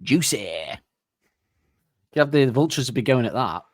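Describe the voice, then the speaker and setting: A man's voice: mid-range voice, expressive, moderate pace, slightly rough, no echo, studio quality. A man co-hosting a comedy podcast, laughing often and acting out silly cartoon voices as he picks apart song lyrics. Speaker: podcast co-host.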